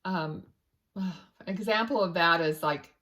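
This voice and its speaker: A psychic medium gives a casual, rambling tarot reading, often searching for words and starting over. Between cards she murmurs softly to spirit, speaking slowly in a lowish voice.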